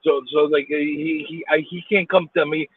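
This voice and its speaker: A man streaming from his car in traffic, rambling and stammering, then bursting into loud yelling at other drivers. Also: fairly high pitch, flat delivery, normal speed, slightly rough. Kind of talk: ranting while driving. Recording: phone-like dry lo-fi sound.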